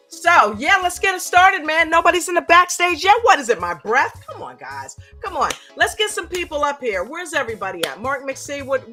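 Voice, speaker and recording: A woman hosts a live stream in a loose, chatty way and keeps the energy up. Her voice sits a little high and sounds bright and forward. Faint music plays underneath. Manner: upbeat, chatty, pitching memberships. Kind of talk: casual live-stream chat.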